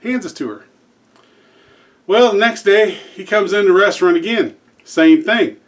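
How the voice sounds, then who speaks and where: A man's voice: sits high, unhurried. A man who hosts a joke channel, casually telling a long joke with restarts and fillers.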